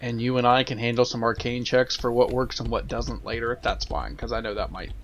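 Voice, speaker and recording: A man's voice: medium pitch, level tone, a little fast, slight background noise. A man playing a tabletop game, thinking aloud as he plans his next moves. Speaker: player. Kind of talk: casual game chat.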